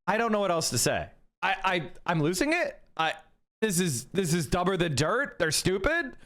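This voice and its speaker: A man's voice: high voice, big pitch swings, moderate pace, fairly bright tone. A man commentating on a court ruling, breaking off into angry, profane, incredulous tirades. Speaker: political commentator. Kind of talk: reading a court ruling aloud and ranting over it.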